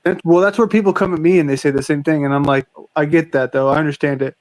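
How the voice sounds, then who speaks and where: A man's voice: a little high, fairly even intonation. A young man, a streamer, chatting casually in a rambling way with lots of fillers. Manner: rambling, filler-heavy, quick. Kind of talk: casual chat.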